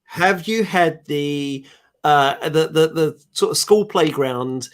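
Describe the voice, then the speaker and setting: A man's voice: on the high side, takes it slowly. A man appearing as a guest on a podcast over a video call, teasing the host with dry wisecracks. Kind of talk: casual chat.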